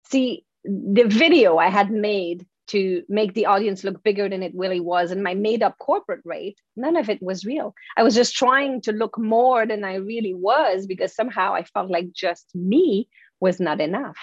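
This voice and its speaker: A woman with a French accent, a guest on an interview, telling animated, expressive stories with frequent restarts. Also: mid-range voice, moderate pace, no room sound, dull audio. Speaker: guest, confidence speaker. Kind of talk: casual interview storytelling.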